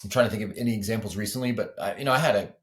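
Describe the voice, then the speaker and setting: A man's voice: fairly low pitch, rapid-fire. A man, a weightlifting coach, speaking as a podcast guest in casual, earnest conversation, explaining with many 'like' and 'you know' asides.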